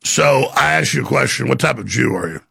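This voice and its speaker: A male talk radio host with a strongly gravelly, husky voice and a bright, forward edge. He sounds animated and incredulous, pressing his caller with wide swings in pitch. The sound is dry and close. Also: fairly quick, no echo. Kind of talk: live call-in talk radio.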